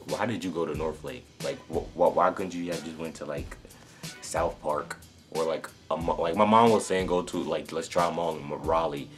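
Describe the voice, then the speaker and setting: A young man from North Carolina, rambling through a casual story to camera with many fillers and restarts. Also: a bass voice. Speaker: sneaker vlogger.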